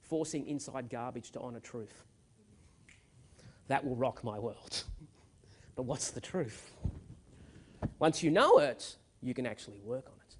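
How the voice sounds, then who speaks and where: A man's voice: mid-range voice, animated, a little slow, long pauses, breathy edge. A man giving a motivational keynote speech on stage, telling stories with energy and emphasis. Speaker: keynote speaker. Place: stage at a live event.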